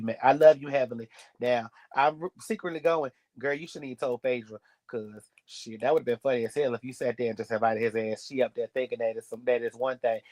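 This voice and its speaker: A man giving a sassy, blunt, gossipy recap of a reality show episode. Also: medium pitch. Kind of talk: casual recap commentary.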